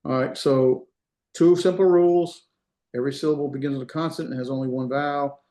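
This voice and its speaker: A man's voice: mid-range voice, fairly even intonation, fairly quick, dark tone. A man giving a classroom lecture as a Hebrew instructor. He explains step by step, repeats examples and checks that students follow. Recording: roomy echo.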